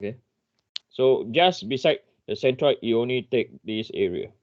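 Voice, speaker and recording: A man's voice: mid-range voice, sing-song, moderate pace, lo-fi sound. A man lecturing an engineering class online. He thinks aloud, apologizes often and restarts his sentences.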